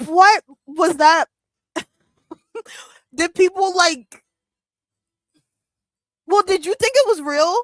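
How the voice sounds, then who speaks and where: A young woman chatting casually as host of a wrestling watch-along, excitable and full of fillers and laughs. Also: very high voice, very slow, pauses often, dry recording. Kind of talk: casual chat.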